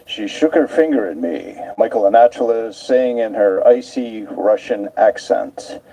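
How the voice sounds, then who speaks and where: A man narrating live aboard a cruise ship, telling stories at an unhurried pace and drawing out key words for emphasis. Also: lowish voice, lively intonation, warm tone, rough recording. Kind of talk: live storytelling commentary.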